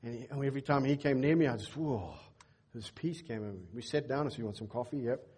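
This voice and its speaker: Middle-aged male pastor, husky and mellow, animated sermon storyteller in church. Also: fast talker. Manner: animated storyteller, acts out dialogue with lifted pitch.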